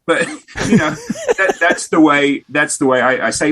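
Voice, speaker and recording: A man's voice: fairly high pitch, unhurried. A man in his fifties with an Australian accent, a business owner telling stories and jokes in a casual interview. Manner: jokey, animated storyteller. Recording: remote call.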